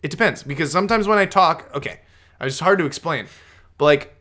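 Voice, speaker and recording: Podcast co-host, male, fairly high voice, loose rambling chat, cuts himself off and restarts a lot. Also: brisk, bright, forceful tone. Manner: rambling, self-interrupting, swears casually. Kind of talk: casual chat.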